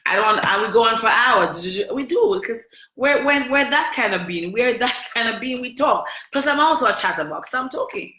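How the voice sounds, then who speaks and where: A woman's voice: a little high, animated, moderate pace, hardly any pauses, pushed and bright, slight background noise. A woman telling her own story to camera in an emphatic, repetitive, chatty way. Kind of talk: emotional personal testimony to camera. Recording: echoey room.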